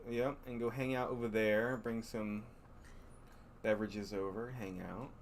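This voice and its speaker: A man's voice: on the low side, little pitch movement, unhurried, a little hiss or hum. A man co-hosting a casual live stream from home, chatty and teasing. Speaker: co-host.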